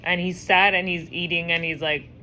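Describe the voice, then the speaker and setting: A woman teaching a class, telling a story in a lively, chatty way and acting out the voices. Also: lowish voice, moderate pace, slight background noise. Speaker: teacher leading a women's class. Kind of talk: casual storytelling lesson.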